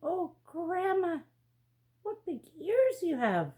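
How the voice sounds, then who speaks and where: Little storybook girl, high, bright and trusting , voiced by a woman reading aloud. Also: very animated, slow pace, heavily acted. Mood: wondering. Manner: bright, wide-eyed and polite. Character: small innocent girl, polite and trusting.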